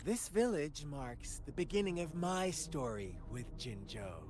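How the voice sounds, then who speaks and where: An actor playing a calm, scheming male storyteller in a game cutscene, with a measured, fable-telling delivery. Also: on the high side. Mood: storytelling. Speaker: game cutscene narrator and character. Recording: game cutscene with music behind.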